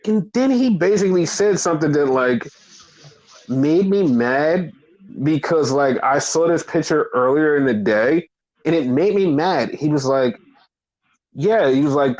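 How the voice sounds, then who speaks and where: A man co-hosting a casual wrestling podcast, talking fast and loose with lots of swearing, jumping up high when he acts out quotes. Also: low-quality recording. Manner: animated, profane, acts out quotes. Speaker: podcast co-host.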